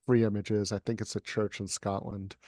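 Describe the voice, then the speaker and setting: Poet reading on a video call, dark and dry tone, steady monotone. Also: male voice, lowish voice, no echo. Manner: even, unhurried recitation with repeated words. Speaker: poet and guest reader. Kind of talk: poetry recitation and casual chat.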